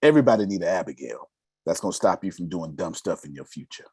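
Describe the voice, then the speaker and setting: A raspy-voiced man giving a motivational business lesson, emphatic and casual, firing off rhetorical questions. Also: deep voice, animated, fast, a little mellow, no room sound. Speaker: business mentor. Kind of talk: motivational teaching.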